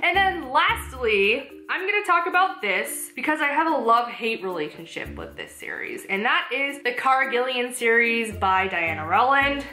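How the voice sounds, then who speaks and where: A young woman in a casual, exasperated book review rant, animated and full of "like". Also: fairly high pitch, normal speed, few pauses, roomy sound, soft background music. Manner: animated, exasperated, says "like" often. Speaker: book vlogger.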